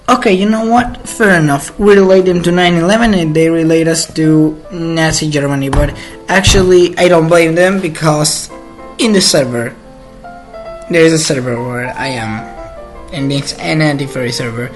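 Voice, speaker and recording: A man hosting his own channel, delivering an indignant, opinionated monologue that halts and restarts as he goes. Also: fairly high pitch. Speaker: channel host. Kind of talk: ranting monologue.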